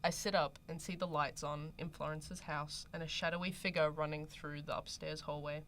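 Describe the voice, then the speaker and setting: Deep-ish aussie girl on student radio, chatty, laughs a lot, reads a story. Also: level tone, normal speed, fairly bright tone, slight background noise. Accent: Australian. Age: young adult. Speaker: radio host. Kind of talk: casual chat and reading a story aloud.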